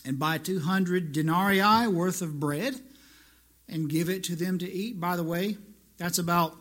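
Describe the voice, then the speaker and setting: A male pastor with a fairly high, rather bright voice delivers a sermon that starts conversational and builds into emphatic, repeated lines.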